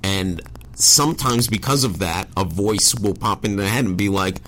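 A man's voice: sits low, normal speed, a bit bright, a little hiss or hum. A man as a podcast guest, talking casually and candidly, rambling with many fillers and self-corrections. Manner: rambling, self-deprecating, frequent "like". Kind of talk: casual conversation.

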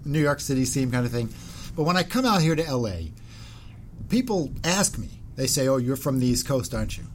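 A man's voice: mid-range voice, very animated, fairly quick, slight background noise. A man from Philadelphia hosting a casual interview, blunt and chatty, asking follow-up questions. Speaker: host.

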